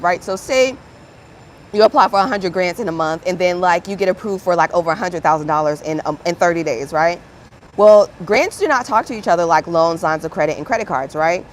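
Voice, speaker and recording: A woman's voice: mid-range voice, slight background noise. A woman hosting a livestream as a grant writer, chatting casually and encouragingly with her viewers. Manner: upbeat, encouraging, chatty, calls viewers "friend".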